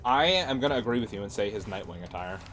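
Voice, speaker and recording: Low-voiced ranting gaming streamer guy. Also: expressive, quick pace, a bit bright. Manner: ranting, sarcastic, swears freely. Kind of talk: casual livestream chat.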